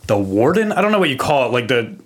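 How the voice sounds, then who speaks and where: A man's voice: mid-range voice, very animated, fast talker. A young man telling a spooky story as a podcast guest, rambling and profane, with lots of fillers and restarts. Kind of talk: casual storytelling.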